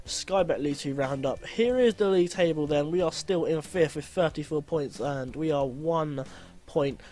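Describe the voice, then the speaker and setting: Lively man, slightly high voice. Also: moderate pace. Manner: lively, blunt, grumbles and swears at his team. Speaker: gameplay commentator. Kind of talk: gameplay commentary.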